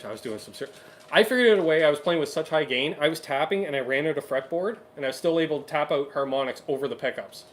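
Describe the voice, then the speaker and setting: A man's voice: medium pitch, a little hiss or hum. A man co-hosting a casual guitar livestream, chatting upbeat and reading viewer comments aloud. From Canada. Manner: chatty, upbeat, quick asides. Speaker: co-host of a livestream guitar show.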